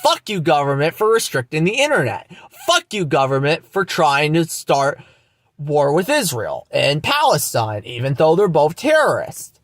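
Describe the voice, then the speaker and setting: In this ranting vlog, the young channel host mocks angrily, swears heavily and keeps repeating lines. He speaks at normal speed in a slightly high, sing-song, fairly bright voice, captured dry.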